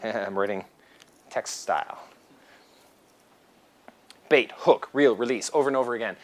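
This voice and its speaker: Animated man teaching a seminar. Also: on the low side, normal speed, long pauses. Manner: animated, acts out dialogues. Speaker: seminar instructor. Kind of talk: lecture to a class.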